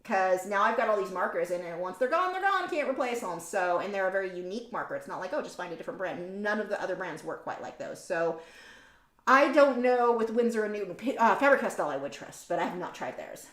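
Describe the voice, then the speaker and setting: A woman's voice: medium pitch, lively intonation, fast talker, fairly bright tone. A woman artist chatting casually on a livestream as she paints and reads viewer comments aloud. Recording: echoey room.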